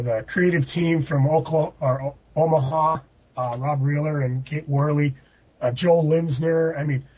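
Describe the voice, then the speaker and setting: In a muffled, dry lo-fi recording, a podcast host shares rambling anecdotes in casual storytelling, punctuated by bursts of laughter. His voice sits fairly high, a little mellow, with a breathy edge.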